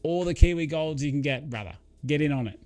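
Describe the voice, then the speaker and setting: A man's voice: on the high side, animated, fast talker, a little mellow. Chatty man streaming live. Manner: rambling and chatty, reading out viewer comments, with many fillers. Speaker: livestream host. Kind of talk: casual live-stream chat.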